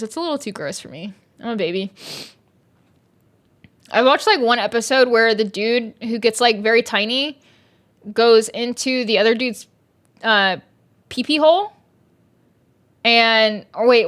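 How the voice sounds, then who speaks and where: A woman's voice: fairly high pitch, fairly bright tone. A young woman, a streamer reviewing a book in casual chat, exasperated and sarcastic, swearing often. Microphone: streaming mic.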